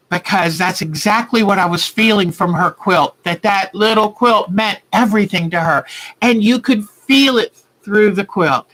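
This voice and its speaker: A woman's voice: medium pitch, takes it slowly, fairly bright tone, poor audio. A woman hosting a quilting livestream, telling a story in a heartfelt, earnest way. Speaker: quilting show host.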